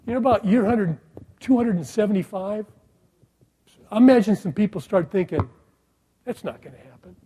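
A middle-aged man preaching a sermon, asking the congregation rhetorical questions and dropping from loud emphasis to a hushed voice. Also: high-pitched, lively intonation, moderate pace, pauses often, slightly rough, rough recording. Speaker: pastor.

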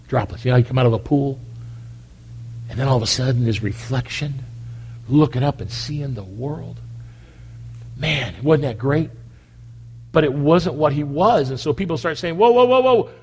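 A man's voice: mid-range voice, darkish tone, slightly rough. A man preaching a conversational sermon in church, full of repeated rhetorical questions. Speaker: pastor. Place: church, at the communion table. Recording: long echo of a big hall.

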